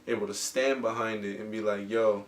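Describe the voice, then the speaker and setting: A podcast host chats casually in a fairly low, steady voice at a normal pace, captured from a distance in an echoey room. He's laid-back and loose, repeating himself and leaning heavily on slang.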